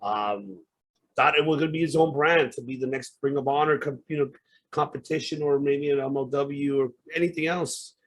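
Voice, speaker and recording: A man's voice: medium pitch, normal speed. A man hosting a podcast, ranting with heated, profane outbursts. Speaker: podcast host. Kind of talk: casual podcast rant.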